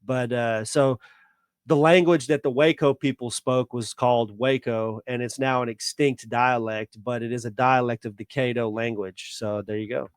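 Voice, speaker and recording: A man's voice: medium pitch, fairly even intonation, moderate pace, clean tone, no room sound, studio quality. A man from Texas co-hosting a podcast, sharing a rambling fun fact full of "uh"s and "kinda"s. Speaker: podcast co-host. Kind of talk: casual chat.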